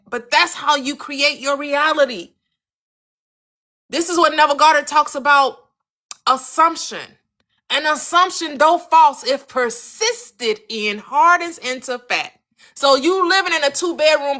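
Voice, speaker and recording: A woman with a high-pitched voice that sounds bright and forceful hosts a manifestation live-stream. Addressing her audience by name, she teaches animatedly, repeating questions for emphasis and dramatizing small quoted moments.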